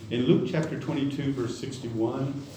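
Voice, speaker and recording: A man's voice: mid-range voice, normal speed, mellow, slight background noise. A man preaching a sermon in a folksy, conversational way, with asides and self-corrections. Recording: echoey hall, distant mic.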